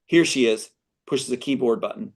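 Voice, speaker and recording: A man's voice: mid-range voice, normal speed. Man reading his screenplay aloud. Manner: earnest, interrupts reading with asides. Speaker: screenwriter guest.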